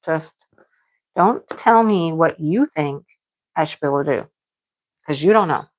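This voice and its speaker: A woman's voice: sits low, expressive, measured pace, dull audio. A middle-aged woman hosting a livestream, chatting casually with viewers and venting frankly, laughing now and then. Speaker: livestream host. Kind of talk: casual chat with live viewers.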